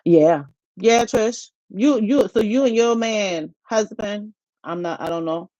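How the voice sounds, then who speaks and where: A middle-aged woman, hosting a casual live-stream chat, animated and laughing often. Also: medium pitch, slow pace, dry recording, muffled recording. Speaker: HR YouTube channel host. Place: home.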